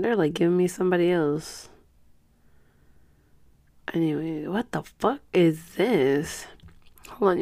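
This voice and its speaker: A woman's voice: fairly low pitch, gravelly, a little mellow. A woman in her thirties ranting to her viewers in a casual vlog, frustrated and profane, slipping in Spanish words. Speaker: vlogger.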